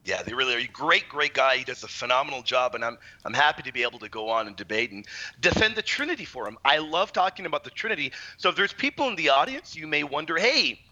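A man's voice: medium pitch, lively intonation, quick pace, bright, forceful tone, muffled recording, slight background noise. A man guesting on a radio show, explaining his faith confidently and energetically. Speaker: guest apologist. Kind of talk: explaining and debating.

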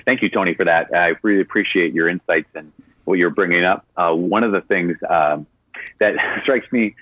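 Man, priest, low husky voice, dry close sound, tinny radio line, chatty storytelling with fillers. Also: dry recording. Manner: conversational storytelling with frequent fillers. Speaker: Catholic priest. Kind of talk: answering a caller on a radio show. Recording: narrowband radio broadcast sound.

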